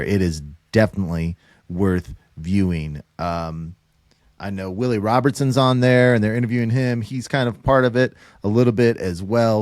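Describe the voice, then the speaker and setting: A man's voice: fairly low pitch, darkish tone, dry recording, clean studio sound. A man hosting a hunting podcast, talking earnestly with his guest and speaking directly to his listeners. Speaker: podcast host. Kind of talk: casual podcast interview.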